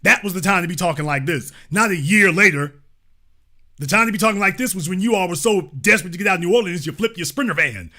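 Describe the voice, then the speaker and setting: A man's voice: high-pitched, lively intonation, quick pace, bright, forceful tone. A man hosting his own political commentary show, talking in an emphatic, mocking way and repeating his lines for effect. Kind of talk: animated political commentary monologue.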